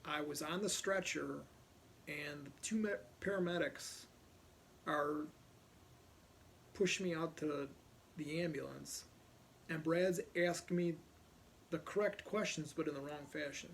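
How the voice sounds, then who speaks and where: A man's voice: fairly high pitch, moderate pace, creaky, long pauses, slight background noise. A middle-aged man from Ohio, a police officer, casually telling a personal story and animatedly acting out other people's lines.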